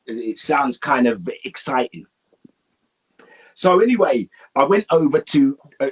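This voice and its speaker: A man telling animated anecdotes as an interview guest, often laughing and breaking into song. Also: a little high, husky.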